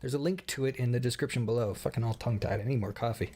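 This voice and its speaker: A man's voice: mid-range voice, racing, warm tone. A man around thirty giving a casual, rambling stream update, swearing often and laughing at his own stories.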